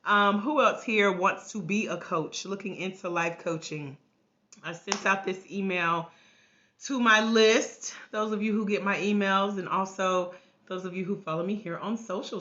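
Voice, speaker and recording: A woman hosting a casual livestream from home, hoarse with a cracking voice, chatting and greeting viewers by name through a tablet mic. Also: medium pitch, pushed and bright. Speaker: life coach trainer hosting a livestream. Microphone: tablet microphone. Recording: grainy lo-fi livestream audio.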